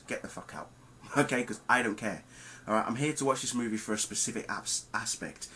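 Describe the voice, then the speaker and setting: A man giving a casual spoken film review, animated and emphatic, talking straight to his viewers with plenty of ums. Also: lowish voice, poor audio. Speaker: movie reviewer.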